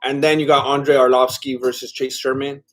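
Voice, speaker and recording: A man's voice: medium pitch, flat delivery, fairly quick, faint music behind. A man hosting a casual live watch-along stream, reading viewer comments aloud while eating, chatty and a bit scattered, laughing often. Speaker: livestream host.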